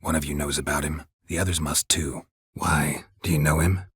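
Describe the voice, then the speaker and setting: Laconic game monster hunter: low, raspy, clipped, dry studio sound. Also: male voice, little pitch movement, moderate pace, fairly bright tone, dry recording, heavily acted. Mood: terse, dry. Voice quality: husky, gravelly low voice. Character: gruff middle-aged male monster hunter, terse and dry. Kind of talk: game voice acting. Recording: dry close studio recording.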